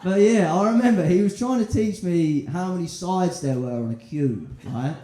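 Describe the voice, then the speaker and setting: A man in his 20s does stand-up at a central London comedy club, his voice sitting high yet dark in tone at a moderate pace. He's rambling, crude, and self-mocking as he trades banter with the crowd, with laughter echoing through the roomy club and slight background noise.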